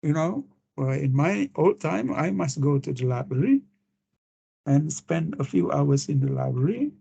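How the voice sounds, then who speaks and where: A man with an Indonesian accent giving a screen-share lecture on translation, halting and full of fillers and restarts. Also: a little high, animated, gravelly, mellow, husky, dull audio.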